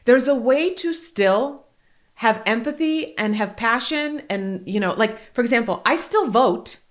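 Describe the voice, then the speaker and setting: A woman in her forties hosting a podcast, talking candidly and earnestly, with quick laughs between heartfelt points. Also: fairly high pitch, animated. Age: 40s. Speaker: podcast host.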